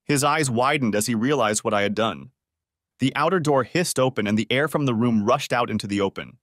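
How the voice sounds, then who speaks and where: A man's voice: mid-range voice, brisk, fairly bright tone, no echo. A man narrating a first-person story in a scripted audiobook reading on a close mic.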